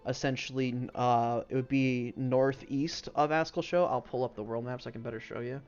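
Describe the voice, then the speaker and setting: A man running a tabletop game as game master, relaxed and hesitant, on a dull lo-fi recording. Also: mid-range voice, fairly quick. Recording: dull lo-fi sound.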